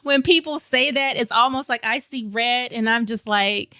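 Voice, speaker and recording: Brief: woman from St. Louis, bright forceful voice, animated storyteller, dry close podcast mic. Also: on the high side, normal speed, no room sound. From St. Louis, Missouri. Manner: animated, laughs often, acts out quoted voices. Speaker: guest.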